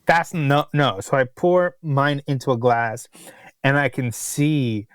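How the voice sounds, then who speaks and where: A man's voice: mid-range voice, fairly even intonation, slow, smooth, no room sound. A man co-hosting a podcast and telling a long restaurant story in casual chat, with exasperated asides. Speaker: podcast co-host, restaurant critic.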